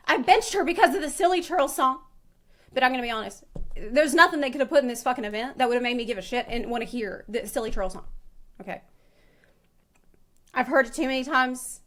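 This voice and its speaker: A woman's voice: high voice, fairly bright tone. A woman streamer giving rambling live reaction commentary, laughing and swearing freely.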